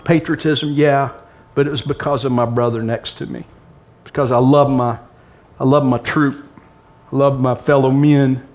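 Man preaching a conversational sermon. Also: mid-range voice. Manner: conversational preaching with humor and quoted dialogue. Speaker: pastor. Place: church sanctuary with congregation.

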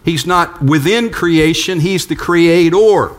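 An older male pastor delivers a sermon in a conversational, storytelling way, slipping in light humor. His voice sits somewhat high for a man. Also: slow pace.

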